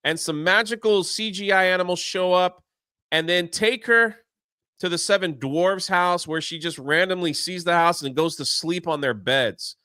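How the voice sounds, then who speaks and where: A man hosting a casual talk show, recapping a film in an animated way and briefly putting on voices for its characters. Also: high voice, smooth, no room sound, clean studio sound. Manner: animated retelling, acting out characters' lines in quick put-on voices. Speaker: show host. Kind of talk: casual movie recap chat.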